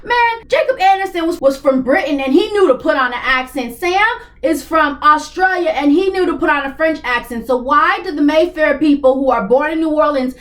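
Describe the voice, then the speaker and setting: A woman's voice: high voice, normal speed, a bit bright. A woman with a Kentucky Southern accent, hosting a casual, opinionated TV review and rambling through her asides. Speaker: TV reaction channel host.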